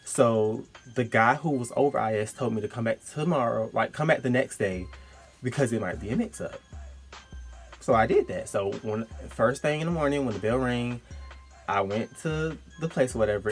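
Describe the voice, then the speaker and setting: A young man casually telling a personal story, animated and slangy, breaking into high-pitched quoted outbursts. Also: a little fast, faint music behind. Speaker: storytime vlogger.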